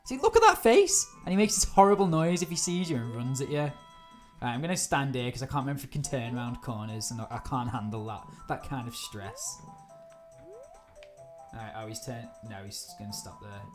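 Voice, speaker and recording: A woman chatting through a live gameplay stream, easily startled and quick to laugh. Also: extremely low pitch, music in the background. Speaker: game streamer.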